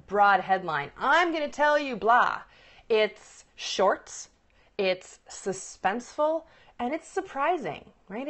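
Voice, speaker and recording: Upbeat woman coaching on a phone stream. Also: mid-range voice. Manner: upbeat, conversational, laughs often, asks "right?". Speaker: presentation coach. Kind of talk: live-stream teaching talk.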